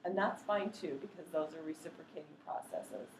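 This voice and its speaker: Low gravelly woman explaining in an echoey room. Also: noisy background. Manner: practical, chatty, demonstrates sounds slowly. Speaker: literacy educator training teachers. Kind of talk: workshop explanation with demonstrations.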